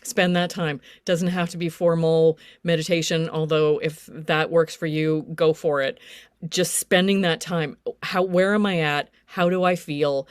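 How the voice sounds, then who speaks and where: Chatty low-voiced woman psychic. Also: fairly even intonation, unhurried, smooth, dry recording, studio quality. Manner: chatty, lots of ums, laughs easily. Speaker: psychic panelist. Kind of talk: live panel chat and reading.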